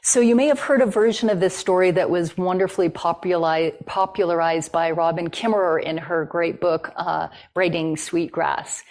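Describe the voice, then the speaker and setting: A woman's voice: lowish voice, steady tone, moderate pace, few pauses, a little mellow. A woman giving a talk and telling a traditional story in a conversational way, with fillers. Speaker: guest speaker.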